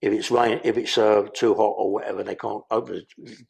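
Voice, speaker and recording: Gravelly man telling stories. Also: fairly low pitch, level tone, a little fast, a little mellow. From London. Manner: rambling, heavy swearing, street slang. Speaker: podcast guest. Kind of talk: casual storytelling.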